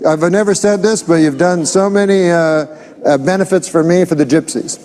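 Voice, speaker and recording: A man telling a long joke as a talk show guest, deadpan and rambling, with many restarts, on a TV studio stage. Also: high-pitched, normal speed, very noisy. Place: late-night TV studio with audience.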